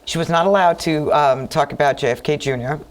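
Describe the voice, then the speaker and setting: A woman, hosting a TV talk show and telling a chatty story, acting out what people said in lively voices. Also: low-pitched, brisk. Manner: animated, acts out quotes in lively voices. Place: TV studio.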